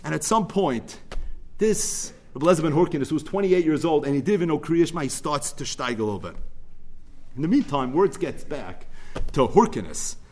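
A man teaching a Talmud class, telling the story with lively emphasis and weaving Hebrew and Yiddish terms into casual English. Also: brisk. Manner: rises to emphatic bursts, drops low for asides.

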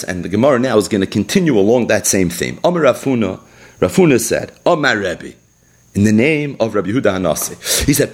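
A man's voice: on the low side, lively intonation, fairly quick. A man teaching a Talmud class in an explanatory way, mixing English with Hebrew and Aramaic terms. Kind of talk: daily Talmud page class.

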